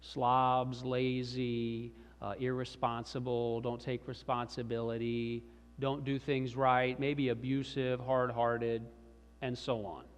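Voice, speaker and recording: A man's voice: mid-range voice, level tone, takes it slowly, clean tone. A middle-aged man preaching a sermon in a conversational storytelling manner with chuckles, as the pastor. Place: large church sanctuary. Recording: reverberant church hall.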